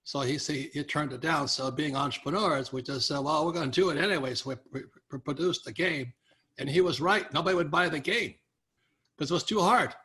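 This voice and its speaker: Older male guest, bright edge, upbeat storyteller acting out voices. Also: a little high, a little fast. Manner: animated anecdotes with quoted voices and laughs. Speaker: guest author. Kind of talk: storytelling interview.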